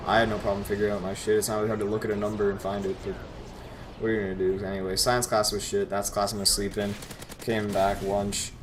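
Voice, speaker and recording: A teenage boy rambles through a story over a game, sarcastic and quick to swear. His voice sits on the low side. A faint hum runs behind him. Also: level tone. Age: teens. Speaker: gameplay commentator. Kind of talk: casual storytelling over gameplay.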